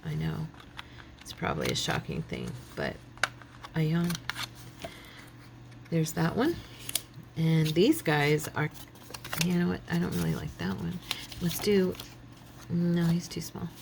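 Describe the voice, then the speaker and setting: A woman chats to her viewers while crafting at home, thinking aloud in a relaxed, self-deprecating way. Her voice sits low with a gravelly fry. A faint hiss runs behind her. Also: takes it slowly, long pauses. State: yawning, relaxed. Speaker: craft channel host. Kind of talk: casual crafting chat to viewers.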